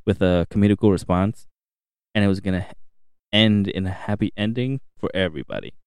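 A man with a low voice talks a little fast as a podcast co-host, ranting animatedly and swearing freely in casual conversation. His tone is clean, and the home podcast setup yields clean, studio-like sound with no room noise.

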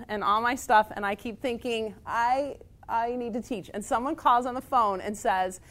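Lively self-mocking woman storyteller. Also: on the high side, normal speed. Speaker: teacher. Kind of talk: personal storytelling.

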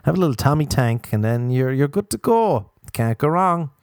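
A man hosting a solo comedy podcast, rambling crudely and mocking himself, often jumping into high-pitched exclamations. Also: expressive, normal speed, darkish tone, no room sound, studio quality. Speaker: podcast host.

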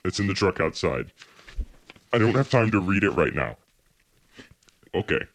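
A low-voiced, bossy cooking-show host, acted by a man in a comedy sketch, scolding his partner and giving deadpan instructions. His pitch swings widely when he gets worked up. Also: normal speed, heavily acted. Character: Pierre, bossy grumpy male TV cooking host.

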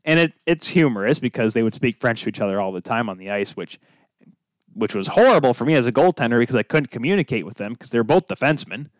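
Man, podcast host, rambling tangents, smooth clear voice, dry close mic. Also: medium pitch, dry recording. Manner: rambling, self-deprecating, goes off on tangents. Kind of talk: solo podcast monologue.

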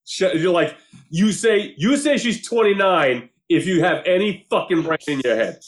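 Recapping a TV show in a casual chat, a man speaks at normal speed in a voice that sits high. He stays animated throughout, performing the quotes, cursing without restraint, and breaking into frequent laughter.

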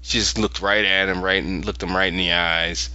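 A young man hosting a podcast, casually recapping a TV episode and acting out the characters' lines in quick voices. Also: low voice, steady tone, bright, forceful tone, no room sound, lo-fi sound.

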